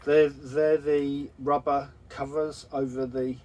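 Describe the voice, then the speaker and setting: A man calmly explaining engine parts in a casual, practical way aboard a narrowboat. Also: medium pitch, slow, over a noisy crowd. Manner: matter-of-fact, practical. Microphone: phone camera.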